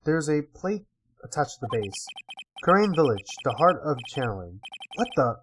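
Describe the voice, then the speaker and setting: A man's voice: fairly high pitch, very animated, moderate pace, slight background noise. A man casually reading game dialogue aloud with wry asides while playing. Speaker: let's-player.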